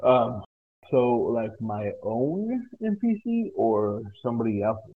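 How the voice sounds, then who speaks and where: A man's voice: medium pitch, expressive, slow, a little hiss or hum. A young man who runs tabletop games, chatting casually and hesitantly, often restarting his sentences. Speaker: tabletop game master. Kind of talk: casual podcast chat. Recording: tinny phone-like line.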